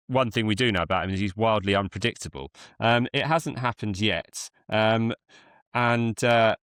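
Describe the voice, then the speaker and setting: Hesitant low-voiced male host. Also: a bit bright, no echo, studio quality. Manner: hesitant, many ums and restarts. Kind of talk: casual political chat.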